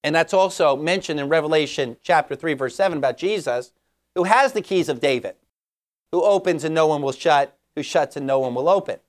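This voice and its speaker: A man's voice: on the high side, fairly quick. A man preaching an expository Bible sermon, reading scripture passages aloud and explaining them.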